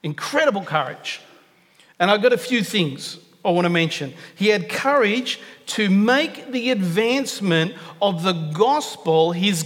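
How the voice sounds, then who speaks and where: A man's voice: high voice, a bit bright. A man preaching a sermon, earnest and emphatic, repeating key phrases for stress. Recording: long reverb of a large hall.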